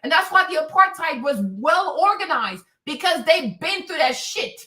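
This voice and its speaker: High, bright-voiced woman ranting. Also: animated, normal speed, roomy sound, far from the mic. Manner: impassioned, profane, rambling. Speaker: host. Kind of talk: livestream commentary.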